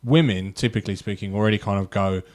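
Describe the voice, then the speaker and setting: Young guy, lowish voice, rambly podcast chat with loads of ums and likes. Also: fairly even intonation, fast talker, darkish tone. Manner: rambling, thinks aloud with many fillers. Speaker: podcast co-host. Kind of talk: casual chat.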